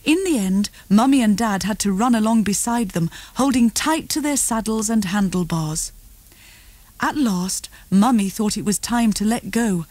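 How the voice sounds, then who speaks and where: A woman reading a children's storybook aloud, with slow, tuneful storytelling. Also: medium pitch, expressive, darkish tone, no room sound. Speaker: audiobook narrator.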